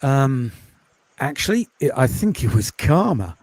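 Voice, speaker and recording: A man from the UK, a podcast host and course creator, chatting in a quiet, calming voice with many ums in a casual interview over a video call. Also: mid-range voice, measured pace, husky, no echo. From United Kingdom.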